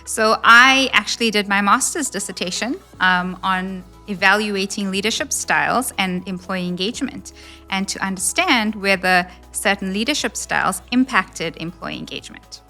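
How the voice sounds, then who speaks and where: A woman with a South African accent, explaining ideas in a composed, orderly way as an interview guest. Her voice is bright and forward at a middle pitch. Faint music sits behind her. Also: normal speed. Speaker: HR business partner guest. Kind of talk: expert interview answers.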